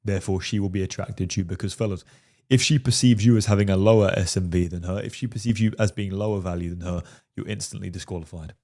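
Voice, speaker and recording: Dark-voiced emphatic male dating coach. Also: low-pitched, steady tone, quick pace. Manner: emphatic, keeps asking "right?". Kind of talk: commentary on a film clip.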